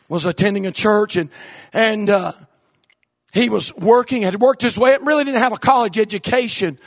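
A male preacher delivering a fiery sermon, shouting and repeating his points with emphasis. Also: sits high.

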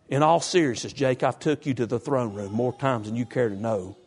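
A man's voice: brisk, hardly any pauses, husky. Folksy preacher man. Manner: folksy, emphatic, jumps into high pitch for emphasis. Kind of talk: sermon.

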